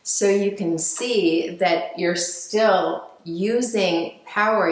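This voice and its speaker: Slow, gentle woman in an echoey room. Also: fairly low pitch. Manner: slow, gentle, with frequent fillers and restarts. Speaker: speaker on emotional healing. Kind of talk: reflective teaching talk.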